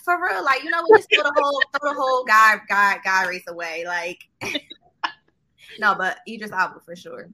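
A young woman answers questions as a guest in a relaxed, candid chat and laughs a lot. Her voice is very bright and sharp. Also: mid-range voice, moderate pace. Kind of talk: casual interview chat.

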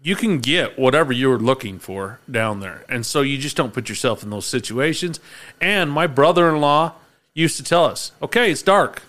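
A man's voice: mid-range voice, expressive, normal speed, fairly bright tone. A man in casual chat, laid-back, laughing often and swearing casually.

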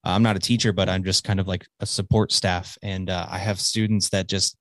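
A man's voice: low-pitched, little pitch movement, fairly quick, fairly bright tone, no echo. A man hosting a show, talking casually in a rambling way with lots of swearing and restarts, recorded close on a dry mic. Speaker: podcast host. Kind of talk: casual chat.

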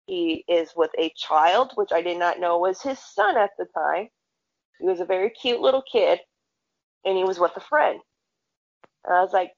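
A woman's voice: on the high side, normal speed. Blunt, profane woman telling stories. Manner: blunt, profane storytelling with quoted dialogue. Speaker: podcast co-host. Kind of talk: casual chat. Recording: dull lo-fi sound.

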